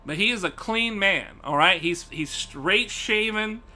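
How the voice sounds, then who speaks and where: A male streamer with a high, bright voice that swings widely in pitch. He rants to his live chat in a profane, animated way and keeps breaking into laughter. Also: unhurried. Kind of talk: casual live-stream rant.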